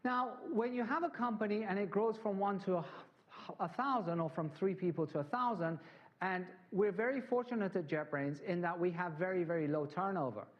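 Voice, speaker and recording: A man's voice: high-pitched, fairly quick, dull audio. A man from England, giving a conversational conference talk full of anecdotes and asides to the audience. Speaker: conference speaker.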